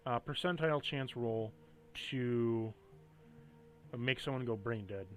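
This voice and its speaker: A man's voice: mid-range voice, slow pace, soft background music. A man running a tabletop game as game master, explaining the rules with hesitant fillers.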